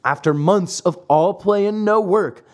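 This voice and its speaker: A man reading a classic fairy tale aloud, dramatic and expressive. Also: high-pitched, measured pace. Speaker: narrator. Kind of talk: storybook reading.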